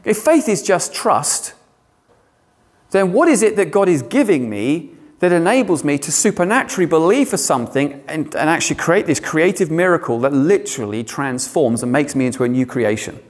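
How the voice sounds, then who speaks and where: A man preaching a sermon, animated and given to sarcastic asides. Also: fairly high pitch, normal speed.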